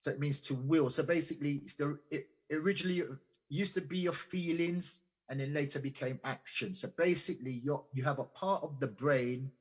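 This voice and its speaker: Earnest husky-voiced man lecturing. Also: on the high side, brisk. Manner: earnest and explanatory, often repeats and restarts words. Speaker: invited guest speaker. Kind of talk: lecture-style talk on a radio show. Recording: dull lo-fi audio.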